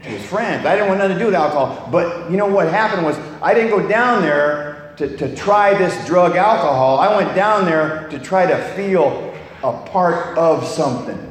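An older man from California telling his life story in a blunt, candid way, swearing freely and often restarting his sentences. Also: on the high side. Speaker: speaker sharing a recovery story. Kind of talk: personal testimony talk. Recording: echoey hall, long reverb, faint noise.

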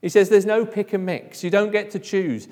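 Male preacher, high voice, emphatic delivery with hushed endings, long church-hall reverb. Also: normal speed. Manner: emphatic, drops to a hush at phrase ends. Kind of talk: sermon.

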